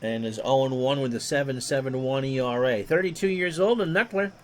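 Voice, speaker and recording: A man's voice: medium pitch, fairly quick, a little hiss or hum. A man doing play-by-play for a replayed baseball game, reading stats and joking with chat between plays. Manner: reads stats in a steady run, jokes with chat between plays. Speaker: play-by-play announcer.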